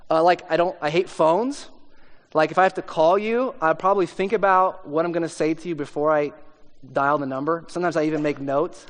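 A man, a pastor, telling a self-deprecating story in a conversational sermon, with plenty of fillers. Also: on the high side. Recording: long hall reverb.

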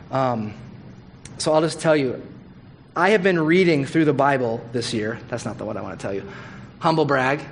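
Male pastor, slightly higher voice, chatty candid sermon delivery, faint background hiss. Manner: conversational, candid, animated with asides. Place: church hall.

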